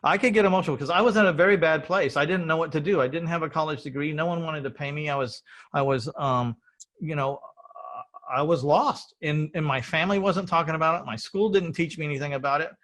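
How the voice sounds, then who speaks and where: A man's voice: on the high side, fairly quick, fairly bright tone. A middle-aged man hosting an interview, telling his story in a rambling, earnest way and often repeating words. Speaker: podcast host.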